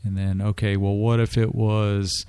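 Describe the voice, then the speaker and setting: A man as a guest on a radio interview, explaining things in a measured way with frequent restarts. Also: on the low side, level tone, warm tone, clear, resonant tone, no room sound. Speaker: drum corps staff guest.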